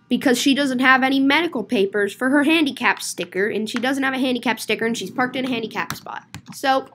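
A woman casually narrating her game role-play, rambling and excitable, with sudden bursts of shouting. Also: on the high side, a little hiss or hum. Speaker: game video creator.

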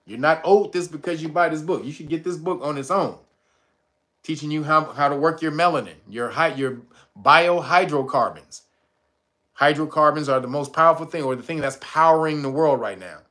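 A man's voice: on the high side, normal speed, a bit bright. A man hosting a livestream, talking tough and blunt with profanity, breaking into laughs. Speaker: livestream host. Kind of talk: livestream pitch and commentary.

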